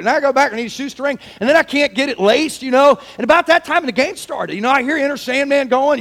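A man in his forties delivers a sermon in a strikingly high voice. He talks animatedly, and his voice rises to a shout at the peaks of his personal stories. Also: fast, hardly any pauses. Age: 40s. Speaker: pastor.

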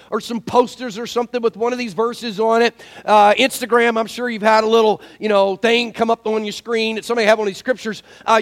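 A man preaching a sermon as pastor, in a folksy, animated storytelling manner with lots of fillers. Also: extremely high pitch.

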